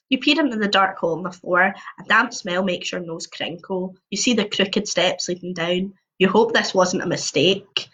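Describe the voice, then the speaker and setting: A woman's voice: medium pitch, sharp tone. A woman reading an interactive story aloud at home, with chatty, jokey asides between passages. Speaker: storybook reader on a livestream. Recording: dull lo-fi livestream audio.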